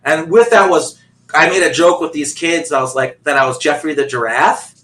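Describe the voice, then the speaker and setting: A man's voice: a little high, normal speed, a bit bright, poor audio. Rambling man telling a story. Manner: rambling, many fillers and restarts. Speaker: guest. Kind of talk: casual personal storytelling. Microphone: video call.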